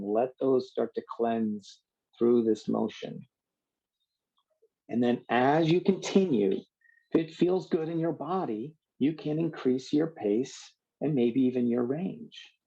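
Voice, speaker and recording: A man guiding a yoga class in a calm, unhurried way, drawing out his cues. His voice is mid-pitched with a warm, mellow tone. The recording sounds dull and lo-fi. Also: gravelly, slightly rough. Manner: calm, slow, drawn-out cues. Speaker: yoga instructor. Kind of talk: guided yoga instruction.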